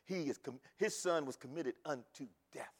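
Animated preacher with ringing hall reverb. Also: male voice, on the high side, moderate pace, husky. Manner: animated, repeats phrases, rises to shouts. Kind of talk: sermon.

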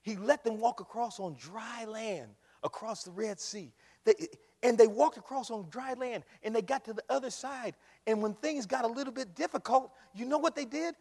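Man, pastor, high voice, preaching a sermon, shouts and hushed whispers, long reverb of a large hall. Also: normal speed.

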